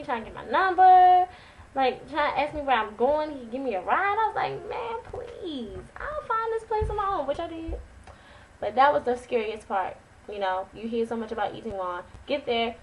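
Lady vlogging, high voice, lively and chatty, just telling a story. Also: a little hiss or hum, poor audio. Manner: animated, chatty, dramatic retelling. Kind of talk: casual storytelling to camera.

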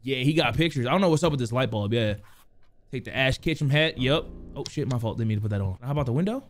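Man, gaming YouTuber, horror game commentary, lively swooping voice, loud curses and shouts. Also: medium pitch, fast talker. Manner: excitable, cursing, shouts and mutters to himself.

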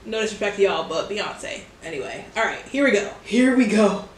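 A woman's voice: medium pitch, animated, fairly quick, fairly bright tone, slight background noise. A young woman reacting to music in a vlog, exclaiming, swearing and cheering along. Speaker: reaction video creator. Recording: echoey room, faint music behind. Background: music playing from a speaker.

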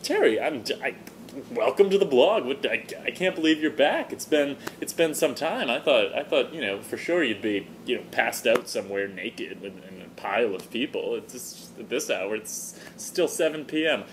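A man hosting a comedy vlog, stammering and tripping over restarts in a mock-excited way. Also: medium pitch, normal speed, a little hiss or hum. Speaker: blog host.

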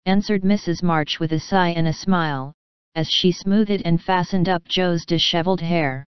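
A woman narrating a classic novel as a calm bedtime storybook reading, on slightly dull lo-fi audio. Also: lowish voice, normal speed, clean tone, no echo. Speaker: audiobook reader.

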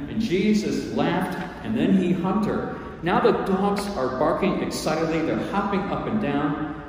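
A man preaching a dramatic first-person sermon, telling the story in character with a theatrical, expressive delivery. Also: sits high, slight background noise. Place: church sanctuary. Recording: echoey church hall from far off.

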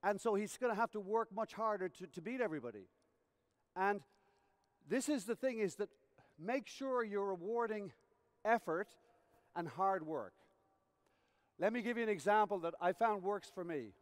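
A man's voice: high voice, animated, moderate pace, pauses often. A man giving a coaching lecture at a conference, explaining through acted-out examples and often checking in with his audience. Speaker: tennis coach educator. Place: conference hall. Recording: reverberant hall recording.

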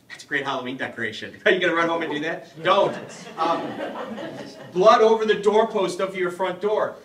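Middle-aged man, parish speaker, higher voice, jokey and chatty, quizzes the audience, echoey hall, mic far off. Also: lively intonation, moderate pace, a bit bright. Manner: humorous, asks the audience questions. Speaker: parish adult education speaker. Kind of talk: conversational teaching talk.

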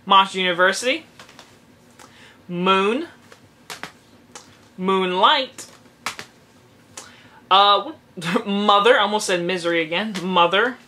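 A vlogger reading out a long list of titles in a casual way, with quick offhand and self-mocking asides. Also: mid-range voice, bright, forceful tone, a little hiss or hum. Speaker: vlogger showing a movie collection.

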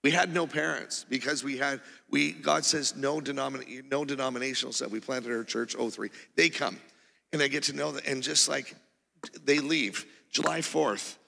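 Gravelly, bright-voiced pastor. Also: male voice, mid-range voice. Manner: animated, rambling storytelling with many restarts. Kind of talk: testimony sermon. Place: church auditorium. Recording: long reverb of a church hall.

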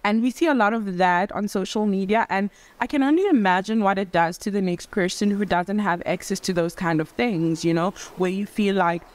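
A young woman talking casually to camera in a vlog, theatrical and animated, talking with her hands and dotting her speech with "like". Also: medium pitch, moderate pace, hardly any pauses. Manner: chatty, full of "like" fillers. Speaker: vlogger. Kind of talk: casual reflective vlog talk.

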